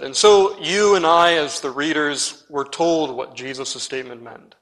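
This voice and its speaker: A man's voice: fairly high pitch, unhurried, few pauses, fairly bright tone. A man preaching an expository sermon, earnest and direct, turning to his listeners and leaning hard on key words. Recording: long reverb in a large hall.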